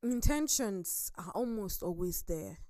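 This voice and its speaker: A woman's voice: medium pitch, animated, unhurried, warm tone, no room sound. A young adult woman on a talk show panel, telling personal stories in a reflective way. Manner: storytelling, reflective. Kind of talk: casual studio chat.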